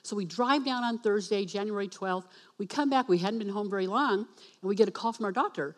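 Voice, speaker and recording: A woman giving a personal testimony in church as a speaker and worship leader. She acts out the dialogue and spells words out slowly for emphasis. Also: mid-range voice. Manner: animated storytelling that acts out dialogue.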